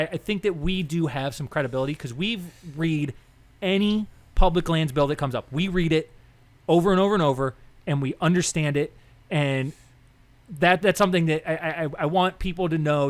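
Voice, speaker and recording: A young man co-hosting a podcast, telling stories in a rambling, animated way and acting out the people he quotes. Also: fairly high pitch. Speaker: podcast co-host. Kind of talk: casual political chat.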